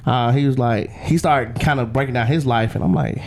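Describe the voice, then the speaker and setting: A young man sits in as a guest and tells his story in loose, slang-heavy talk. He gets animated and acts out what other people said to him. His voice sits in an ordinary middle pitch. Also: brisk, creaky, hardly any pauses. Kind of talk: casual storytelling interview.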